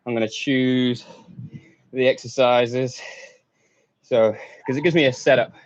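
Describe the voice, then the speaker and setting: A man's voice: mid-range voice, fairly even intonation, unhurried, no room sound. A man coaching a live workout, out of breath, counting down seconds and urging people on between short laughs. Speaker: fitness coach. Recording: dull lo-fi stream audio.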